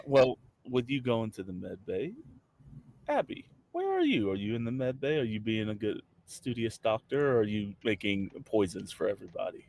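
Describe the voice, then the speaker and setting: A man's voice: lowish voice, big pitch swings, moderate pace, creaky, a little mellow. A man running a tabletop game as game master, playful and stumbling over his words.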